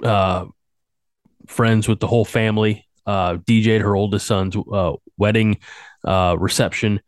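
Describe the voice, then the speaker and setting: A man with a lowish voice hosts a podcast, his sinuses a little congested. He rambles in a chatty, self-deprecating way, recorded on a dry, close mic. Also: steady tone, measured pace, no room sound. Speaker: podcast host. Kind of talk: casual podcast chat.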